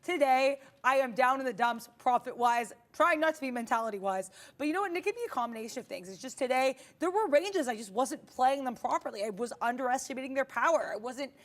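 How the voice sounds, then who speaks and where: A woman's voice: sits high, lively intonation, fast talker, few pauses. A woman co-hosting a live trading stream, talking candidly and chattily with playful bursts. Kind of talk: live market commentary.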